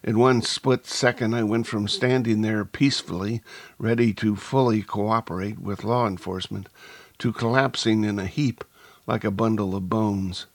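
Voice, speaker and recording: Low-voiced male audiobook narrator. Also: steady tone, no echo. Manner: measured, deliberate storytelling. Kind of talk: scripted first-person narration.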